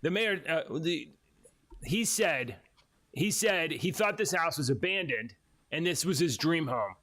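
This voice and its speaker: Male podcast co-host, slightly high voice, casual, jokey news reader. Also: expressive, a little slow, a bit bright. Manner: laughs often, reads with mocking quoted voices. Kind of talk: casual chat, reading news stories aloud.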